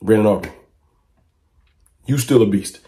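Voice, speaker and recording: A man giving casual fan commentary to camera, talking emphatically and asking a stream of rhetorical questions. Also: measured pace. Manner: rises to excited high-pitched exclamations when reacting to clips.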